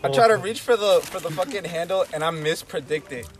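Young male podcast co-host, animated storyteller, slightly raised pitch, swears freely. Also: a little fast. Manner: animated, swearing, acts out dialogue with lots of "like". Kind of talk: casual storytelling among friends.

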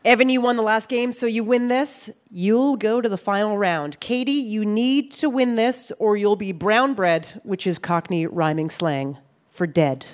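A woman's voice: medium pitch, measured pace. A woman hosting a quiz show, reading clues aloud in a playful way. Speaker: game show host. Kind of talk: quiz show hosting before a live audience.

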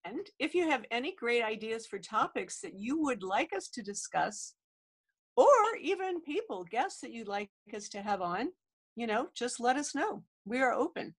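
A woman's voice: fairly high pitch, lively intonation, normal speed. A woman with a nasal voice, fighting a cold, co-hosting a podcast in chatty, self-deprecating talk. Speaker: podcast co-host. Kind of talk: casual chat.

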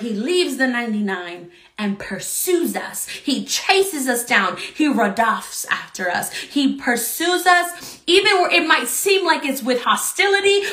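Woman Bible study teacher, fervent preacherly delivery with lots of "right?", high pitch, roomy echo. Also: pushed and bright.

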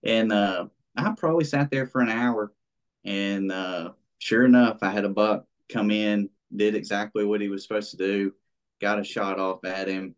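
In a lowish voice at moderate speed, a bow hunter recounts a hunt during a casual interview. His telling is rambling and lively, packed with fillers, and he acts out the quoted speech.

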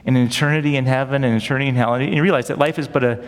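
Pastor, male, mid-pitched, earnest conversational sermon style, long hall reverb. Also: steady tone, rapid-fire. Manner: earnest, conversational preaching with rhetorical questions. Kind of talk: sermon teaching.

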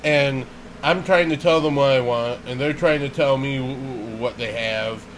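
A man's voice: mid-range voice, moderate pace, slight background noise, low-quality recording. A man telling a funny story in casual chat, laughing often and acting out what people said. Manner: animated, laughs often, acts out quoted voices.

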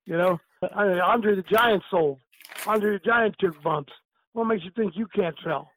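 A man's voice: high voice, measured pace, a little hiss or hum, rough recording. An older man, a retired pro wrestler, telling stories in a casual chat, laughing often and acting out what others said. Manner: animated, laughing often, acts out quoted lines. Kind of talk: casual storytelling.

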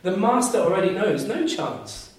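A man's voice: high-pitched, expressive, normal speed, darkish tone. A man preaching a sermon, earnest and emphatic, driving home key phrases by repeating them. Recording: very echoey room, mic at a distance.

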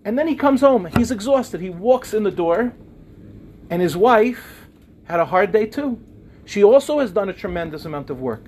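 High-voiced man telling a relationship story. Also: expressive, moderate pace. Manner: storytelling, acts out quoted dialogue in softer voices. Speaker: speaker on relationships. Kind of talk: talk to a live audience.

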